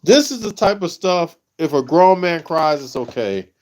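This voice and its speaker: A man hosting his own livestream, talking emotionally in halting, repeated phrases. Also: a little high, sing-song, darkish tone. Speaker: livestream host.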